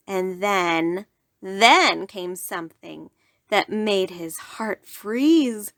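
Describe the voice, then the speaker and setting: A woman storyteller reading a rhyming bedtime story aloud in an animated way. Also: mid-range voice, no room sound, studio quality.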